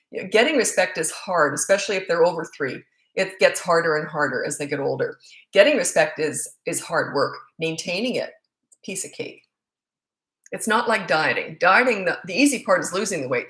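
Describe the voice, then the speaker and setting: A woman's voice: on the low side, fairly bright tone. A middle-aged woman, a parenting coach, answering viewer questions in a frank, chatty way full of stories and fillers. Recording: roomy echo.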